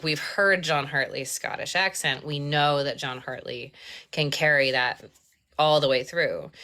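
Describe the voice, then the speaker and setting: A woman's voice: deep voice, bright, forceful tone. A woman audiobook narrator chatting candidly on a live stream about her work. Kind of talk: casual live-stream chat.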